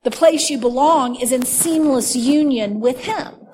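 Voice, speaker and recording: A woman preaching a sermon, teaching earnestly and slowing down to stress key words. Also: high voice, warm tone, slight background noise.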